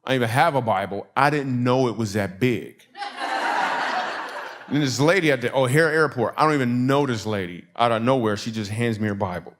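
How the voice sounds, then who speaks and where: A man's voice: medium pitch, brisk. A middle-aged man from Michigan, a comedian and speaker, telling a funny story to a laughing audience and acting out the people in it.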